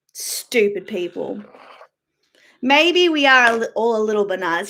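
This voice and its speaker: A woman's voice: on the high side, lively intonation, measured pace, a bit bright, slight background noise. A woman live-streaming a blunt, profane rant as she answers viewer comments. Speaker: YouTuber live-streaming to chat. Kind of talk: casual ranting live-stream chat.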